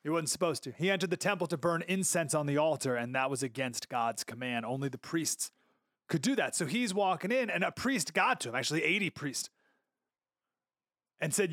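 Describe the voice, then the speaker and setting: A man's voice: fairly high pitch, fairly quick, fairly bright tone, no room sound, clean studio sound. A man hosting a podcast, telling a Bible story in an earnest, conversational, sermon-like way. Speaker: podcast host. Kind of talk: casual sermon-style commentary.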